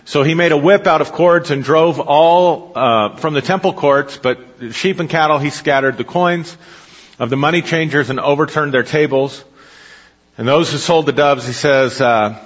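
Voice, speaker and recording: A man's voice: fairly high pitch, normal speed. A man preaching a sermon, reading scripture aloud and explaining it, asking his listeners questions as he goes. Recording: dull hall recording with long reverb.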